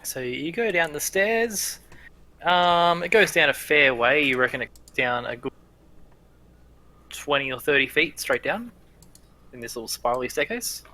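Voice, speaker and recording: Dm guy narrating a tabletop game, bright punchy voice, kinda loose with ums. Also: on the high side, lively intonation, unhurried, pauses often. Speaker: game master.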